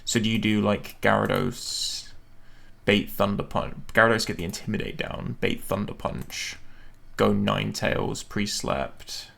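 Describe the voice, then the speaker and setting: Low gravelly guy streaming, talking himself through a game plan, lots of ums. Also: little pitch movement, measured pace, a bit bright. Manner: musing, self-questioning, hesitant. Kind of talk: thinking aloud while planning a game battle.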